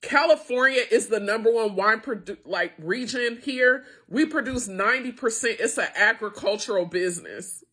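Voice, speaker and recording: A woman's voice: on the high side, normal speed, hardly any pauses, bright, forceful tone, slightly rough. A middle-aged woman who owns a small business, making an emotional, impassioned appeal to her viewers, frustrated and close to tears. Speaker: small business owner and founder. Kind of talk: emotional direct-to-camera appeal.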